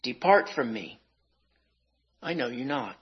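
A man voicing a sorrowful, grave Jesus in a spoken sermon poem, quiet and solemn. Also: big pitch swings, a little slow, husky, exaggerated voice. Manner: low, quiet, solemn delivery. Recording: dull lo-fi recording.

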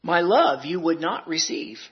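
A grave, sorrowful Jesus, as a preacher voices him speaks quiet, solemn lines, slow and measured. The tone is husky and a little breathy. It sounds like a dull, lo-fi recording. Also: male voice, animated, heavily acted. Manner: low, quiet, solemn delivery. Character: sorrowful Jesus, grave adult man, judging gently.

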